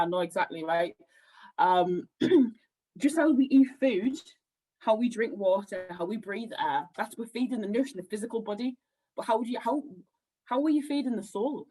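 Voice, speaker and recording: A woman talking as a spiritual healer guest on a podcast, rambling and animated as she tells her story. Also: mid-range voice, breathy edge, rough recording. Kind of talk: casual podcast conversation.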